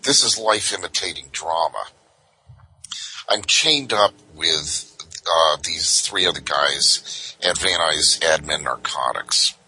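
Older man, low and bright, highly animated guest telling war stories. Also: takes it slowly, slightly rough, poor audio. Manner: animated, full of "you know" asides. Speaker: guest, former undercover investigator. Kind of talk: anecdotal storytelling in an interview.

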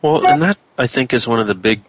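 A middle-aged man co-hosting a casual talk show, speaking animatedly and jumping up in pitch when he gets excited. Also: fast, poor audio. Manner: animated, rising excitedly on exclamations. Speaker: co-host. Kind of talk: casual conversational chat.

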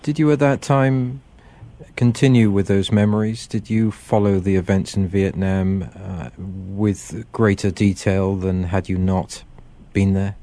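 A man hosting an interview, asking questions in a measured, polite way. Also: deep voice, steady tone, mellow. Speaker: host.

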